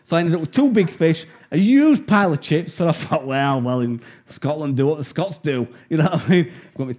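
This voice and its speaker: Speaking briskly in a fairly high voice with hardly any pauses, an English-accented man delivers a sermon. He laughs through animated stories and turns earnest when reading from scripture.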